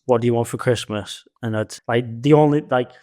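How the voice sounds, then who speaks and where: A man's voice: mid-range voice, fairly quick, mellow, no room sound, clean studio sound. A man co-hosting a podcast, telling stories in a laid-back, casual chat and swearing freely. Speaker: podcast co-host.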